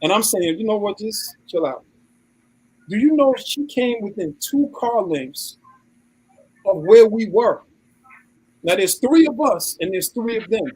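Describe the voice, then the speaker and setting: Brief: high-voiced husky man, animated storyteller on a casual talk show. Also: measured pace, pauses often, rough recording. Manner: animated, acts out quoted voices. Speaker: podcast co-host.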